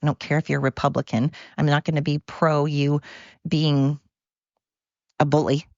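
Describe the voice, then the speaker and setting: A woman's voice: deep voice, little pitch movement, normal speed, a little mellow, dry recording, highs cut off. A woman hosting her own podcast, ranting in a heated, blunt way and swearing freely. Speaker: podcast host. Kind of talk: solo podcast rant.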